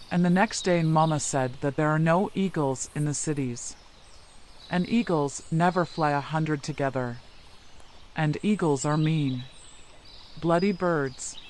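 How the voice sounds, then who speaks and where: A man narrating a children's story in an even, unhurried storytelling manner. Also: on the high side, slight background noise.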